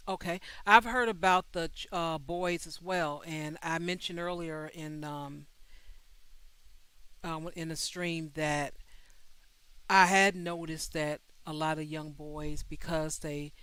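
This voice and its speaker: A man hosts a livestream advice show with a high, smooth voice. He answers callers bluntly and directly. The sound is dry and close. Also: fairly even intonation, slow, bright, forceful tone, dry recording.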